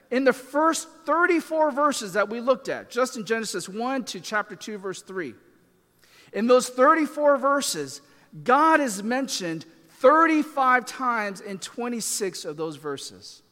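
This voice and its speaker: A man's voice: very high voice, very animated, unhurried, sharp tone, big-room sound. A man preaching a sermon as a pastor, talking in a conversational way with fillers and self-deprecating asides.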